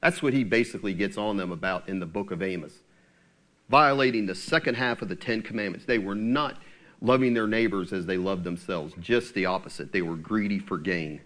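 A man preaching a conversational sermon, asking his listeners questions and slowing down into a low, solemn tone when he reads scripture. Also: fairly bright tone. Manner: drops to a low, slow tone for scripture.

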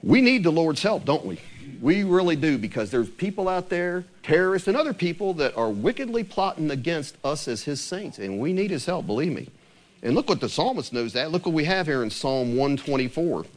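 A man preaching in a church sanctuary, his voice fairly high and swinging widely in pitch. He asks the congregation rhetorical questions and drops lower and slower to read scripture. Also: big pitch swings. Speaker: pastor. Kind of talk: sermon.

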